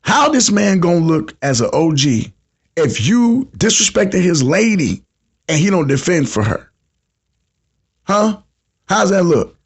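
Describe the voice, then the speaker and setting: A man's voice: high voice, big pitch swings, a little slow, pauses often, husky. A man in his fifties hosting a casual call-in podcast, telling stories in heavy slang and acting out the people he quotes. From United States. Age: 50s. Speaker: podcast host.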